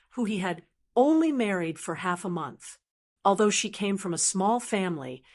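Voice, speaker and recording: Woman narrating a novel, steady delivery. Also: mid-range voice. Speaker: audiobook narrator. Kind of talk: scripted narration.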